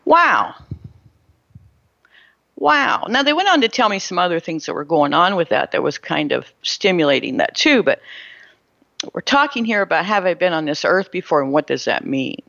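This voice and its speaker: A middle-aged woman telling a personal story in a monologue, animated and prone to restarting and repeating her words. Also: on the low side, fairly quick, vocal fry, no room sound, lo-fi sound. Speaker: spiritual storyteller.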